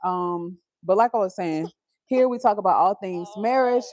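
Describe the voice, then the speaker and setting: Chatty young mom on a livestream. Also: female voice, mid-range voice, normal speed, a little mellow. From Houston, Texas. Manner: chatty, breaks off to coax and scold her toddler. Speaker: livestream host. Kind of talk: casual livestream chat. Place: busy family home with children.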